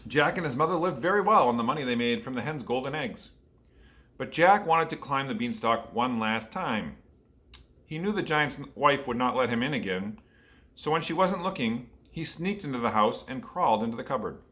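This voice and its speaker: Male storyteller reading a picture book to kids, bright and forceful. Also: medium pitch, animated, moderate pace. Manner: asks children questions. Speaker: storyteller for children.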